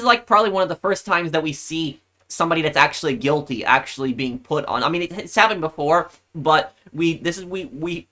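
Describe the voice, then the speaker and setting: A man's voice: fairly high pitch, noisy background. A man giving casual let's play commentary, rambling with frequent ums and stumbling restarts. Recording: game music behind voice.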